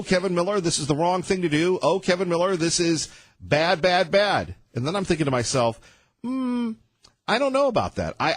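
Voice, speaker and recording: A man hosting a morning talk radio show, delivering rapid-fire sarcastic opinions. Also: on the high side, slightly rough, no room sound. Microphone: studio microphone.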